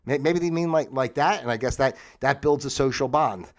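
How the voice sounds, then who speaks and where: A man's voice: mid-range voice, moderate pace. A middle-aged man hosting a casual livestream, reading out facts in a rambling, jokey way and breaking off into asides. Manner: rambling, jokey, self-interrupting. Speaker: livestream host. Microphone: phone.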